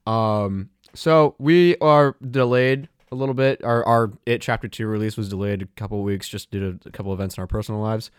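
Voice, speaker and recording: A man's voice: fairly low pitch, fairly quick, few pauses, clear, resonant tone, no echo, clean studio sound. A young man co-hosting a casual movie podcast, chatting and joking in a laid-back way. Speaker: podcast co-host. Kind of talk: casual chat.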